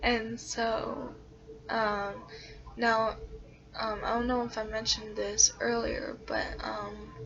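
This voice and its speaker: Slow, hesitant woman telling a story. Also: a little high, little pitch movement, fairly bright tone. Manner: hesitant, full of fillers. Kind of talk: casual storytelling. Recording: dull lo-fi recording.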